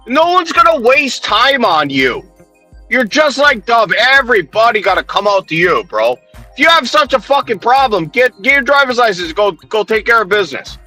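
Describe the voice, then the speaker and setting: A man's voice: sits high, sharp tone. A man ranting heatedly on a livestream, swearing constantly, mocking and confronting people while he answers his chat.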